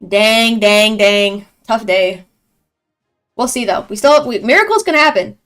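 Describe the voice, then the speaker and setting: Young woman casting a game live, chatty and excitable, voice sits a bit high, headset mic. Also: unhurried, faint music behind. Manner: chatty, excitable, reacts loudly to plays. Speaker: esports caster.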